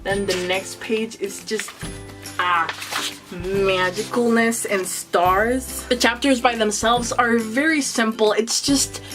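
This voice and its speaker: A woman's voice: fairly high pitch, unhurried, over music. A woman book vlogger talking through a casual book tag video, gushing and enthusiastic with a chatty, swearing-now-and-then manner.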